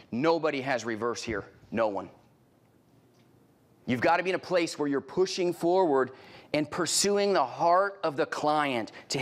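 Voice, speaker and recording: A middle-aged man giving a live sales training talk, punchy and animated, with repeated phrases, rhetorical questions and sudden loud exclamations as he acts out little scenes. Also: a little high.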